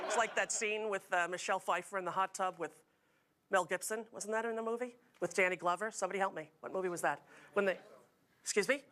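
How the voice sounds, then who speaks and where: A woman's voice: mid-range voice, fast talker, a bit bright, a little hiss or hum. A middle-aged woman hosting a talk show, telling jokey stories to a studio audience. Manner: chatty, jokey storytelling with frequent laughs.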